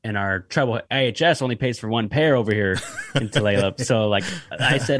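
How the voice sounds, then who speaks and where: A man's voice: mid-range voice, a little fast, fairly bright tone, slight background noise. Rambling young man, podcast guest. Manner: loose and rambling, with many fillers and the odd swear word. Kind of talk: casual podcast conversation.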